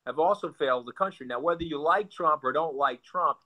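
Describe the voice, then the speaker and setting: A man's voice: on the high side, brisk, muffled recording. A male guest talking politics bluntly and sarcastically, often repeating words as he builds a point. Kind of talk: animated political talk.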